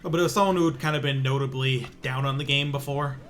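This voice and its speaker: A man's voice: mid-range voice, fairly even intonation, fast, faint music behind. A young man streaming a pinball game, chatting casually in a rambling way with many restarts and sarcastic asides. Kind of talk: casual stream commentary while playing.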